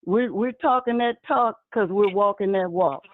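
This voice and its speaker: A woman excitedly telling stories about her vending, speaking in a casual chat and addressing listeners as y'all. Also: medium pitch, normal speed, no room sound. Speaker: guest vendor sharing her experience. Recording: tinny phone line.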